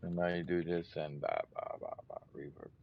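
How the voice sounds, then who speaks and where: A man hosting a casual gaming stream, talking in low-key, mumbled asides while he plays. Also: fairly even intonation, moderate pace, gravelly. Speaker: streamer and channel host. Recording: dull lo-fi mic with faint rumble.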